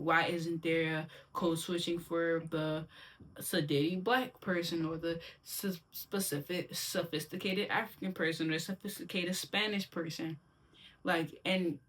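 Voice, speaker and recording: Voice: mid-range voice, fairly bright tone. A young adult from Silver Spring with a Maryland accent, giving their opinions in a candid, slangy monologue straight to the viewer. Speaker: vlogger.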